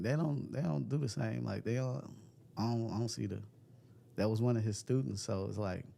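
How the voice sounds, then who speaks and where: A man's voice: fairly low pitch, creaky, dark tone, a little hiss or hum. A man hosting a casual livestream, reading chat comments aloud, joking and laughing often, with loose slangy talk. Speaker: livestream host. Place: cold room at home.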